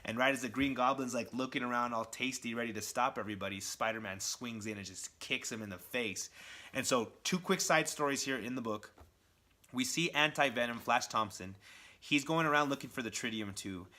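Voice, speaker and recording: A man recapping a comic book in a casual vlog, excitable and chatty, with a lot of "like". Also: medium pitch, fairly quick. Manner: excitable, chatty retelling full of "like".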